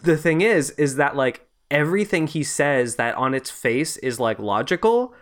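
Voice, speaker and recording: A man's voice: on the high side, expressive, normal speed, a bit bright. A man from Canada with a Canadian accent, co-hosting a podcast in a rambling casual chat full of fillers and restarts. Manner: rambling, many fillers and restarts, easily amused. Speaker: podcast co-host.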